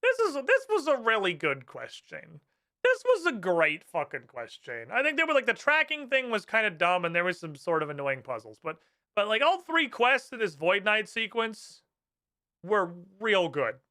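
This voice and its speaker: Ranting high-voiced male game streamer. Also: moderate pace. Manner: animated, profane, ranting. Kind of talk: casual live-stream commentary. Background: game music.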